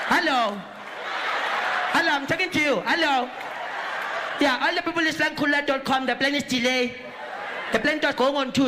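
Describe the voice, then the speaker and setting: Man doing a high announcer lady. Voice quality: garbled announcing drawl. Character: rambling female airport gate announcer. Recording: roaring audience laughter and noise.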